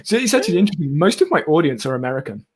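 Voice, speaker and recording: A young English man from the southeast hosts a live stream in a loose, chatty way. His voice sits a little high for a man, and he laughs easily between points. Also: very animated, rapid-fire, husky. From southeast England. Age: 20s. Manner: chatty, laughs often, quotes people. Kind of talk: casual live chat.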